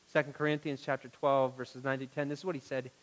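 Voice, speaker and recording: In poor audio, a male pastor delivers a sermon at a quick pace with a medium-pitched, level tone. He goes from soft, personal remarks to loud pleas and questions for the congregation.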